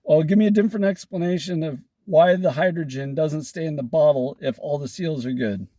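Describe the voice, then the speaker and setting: A man's voice: on the high side, a little fast, dark tone, no echo. A man with a welder's know-how, explaining technical problems in a casual talk with wry, sarcastic jokes. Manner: sarcastic, wry joking asides.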